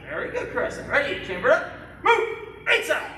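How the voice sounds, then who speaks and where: A martial arts instructor leads a kids' class that is also streamed live, shouting sharp drill commands and slipping jokes in between. The voice is bright and lively, jumping up and down in pitch. It echoes heavily around the studio and is picked up by a camera mic across the room, with faint room noise behind it. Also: fairly quick, far from the mic. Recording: very echoey studio heard from afar.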